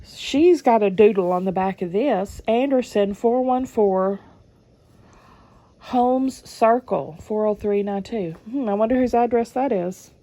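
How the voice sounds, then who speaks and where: A woman's voice: mid-range voice, unhurried, warm tone. A woman, reading old letters aloud and adding chatty comments between them. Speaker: channel host reading family letters.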